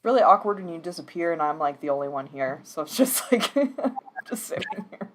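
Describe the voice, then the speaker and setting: A woman's voice: deep voice, very animated, normal speed. A woman with a Wisconsin accent hosts a casual livestream chat. She talks playfully and laughs often, in an easy, everyday voice. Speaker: stream host.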